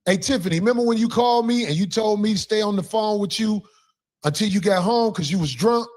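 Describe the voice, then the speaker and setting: A man giving heated casual commentary, ranting and mocking in a profane, animated way. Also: sits high, fast.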